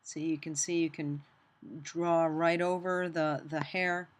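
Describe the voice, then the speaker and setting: A woman teaching a screen-recorded software tutorial, chatty and self-deprecating as she talks while working. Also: deep voice, fairly even intonation, takes it slowly, a little hiss or hum.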